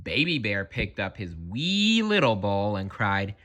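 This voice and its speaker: A man's voice: lowish voice, sing-song, measured pace, fairly bright tone. A man narrating a children's read-aloud story, playful and talking straight to the listener. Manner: playful, addresses listener directly.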